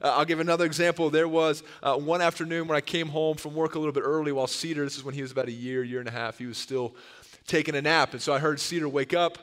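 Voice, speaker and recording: A man in his thirties preaching a sermon in a church sanctuary, earnest and quick to tell stories. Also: a little high. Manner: earnest and storytelling, given to animated retellings. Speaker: pastor. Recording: long reverb of a large hall.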